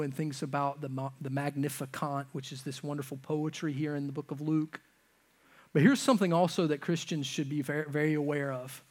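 A male pastor delivering a sermon in a slightly high voice. He preaches with passion, swinging between loud urgent peaks and hushed, low lines. He acts out God's voice and his listeners' objections as he goes. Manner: impassioned preaching, acting out God's voice and the congregation's objections.

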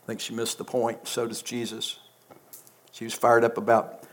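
A man preaching a sermon as a pastor, emphatic, swinging from loud peaks to quiet asides. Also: medium pitch, monotone, normal speed. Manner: emphatic, rising to loud peaks then dropping soft. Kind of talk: sermon with closing prayer.

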